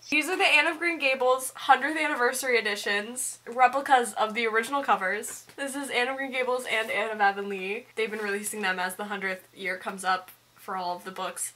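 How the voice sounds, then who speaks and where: A young woman chatting casually at home in a book vlog, bubbly and giggly, gushing with excitement. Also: on the high side, fairly quick, few pauses. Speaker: book vlogger.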